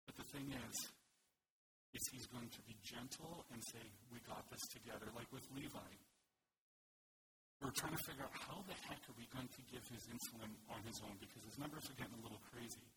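A man's voice: medium pitch, a little fast. A man giving an informal, upbeat sermon and prayer to his church. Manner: conversational, folksy, upbeat and encouraging. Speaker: pastor. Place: church service. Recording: loud background noise.

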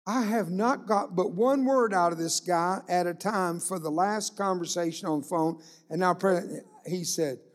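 A man's voice: high-pitched, a little slow, hardly any pauses. A man preaching a sermon, telling a humorous anecdote and acting out the dialogue. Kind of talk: sermon storytelling.

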